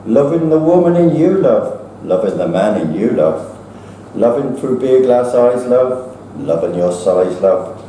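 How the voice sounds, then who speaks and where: Man chanting a rhythmic poem, swooping pitch. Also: lively intonation, a little slow, dark tone, slight background noise. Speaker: poet at an open mic. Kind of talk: performance poetry. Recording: echoey room from far off with faint ambience.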